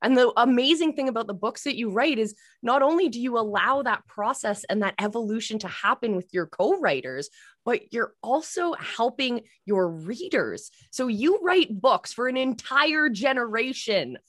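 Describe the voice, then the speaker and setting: A woman hosts an interview podcast with a lively, swooping pitch. She speaks encouragingly to her guest, and the sound is dry and close. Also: normal speed, dry recording. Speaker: host, coach.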